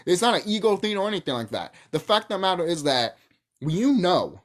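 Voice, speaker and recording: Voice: medium pitch, very animated, fairly quick. Heated, profane ranting host. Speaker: channel host. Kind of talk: unscripted rant to camera.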